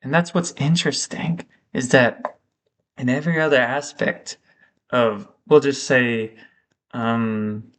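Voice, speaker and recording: A male vlogger with a mid-range, steady voice thinks aloud in a reflective monologue. He speaks slowly and haltingly, pausing often.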